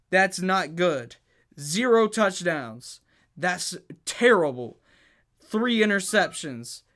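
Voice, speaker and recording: A sports podcast host speaks in a high, sharp-toned voice. He argues heatedly, stammering and starting over, and drives his points home with rhetorical questions.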